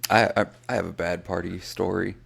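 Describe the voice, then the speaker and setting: A man from South Florida, a podcast co-host, telling a profane, animated story and acting out what people said. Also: deep voice, a little fast, vocal fry, husky. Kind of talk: casual chat.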